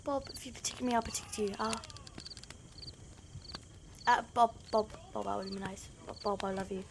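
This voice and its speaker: A woman's voice: mid-range voice, steady tone, moderate pace, creaky, noisy background. A woman with a New Zealand accent hosting a gaming channel, playing a horror game and talking dramatically to the characters, jumpy and easily scared.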